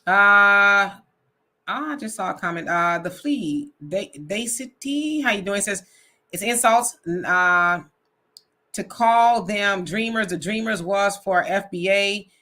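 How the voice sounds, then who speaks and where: Bright-voiced woman hosting a live chat. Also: medium pitch, unhurried. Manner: frank, laughs often, reads comments aloud. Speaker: host of a live online talk show. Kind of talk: casual live-stream chat, reading viewer comments.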